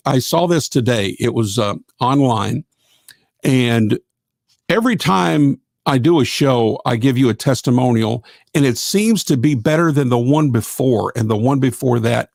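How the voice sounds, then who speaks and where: Folksy gravelly man hosting a live show. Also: mid-range voice, animated, moderate pace, a little mellow, dry recording. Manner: folksy, rambling, self-deprecating, lots of fillers. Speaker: radio show host. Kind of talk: casual live-stream chat.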